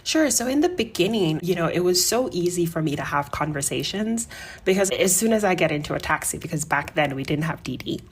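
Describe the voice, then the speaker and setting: A woman from Jamaica, a podcast guest, telling animated stories with laughter and acted-out voices. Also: fairly low pitch, a little fast, breathy edge. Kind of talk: casual storytelling.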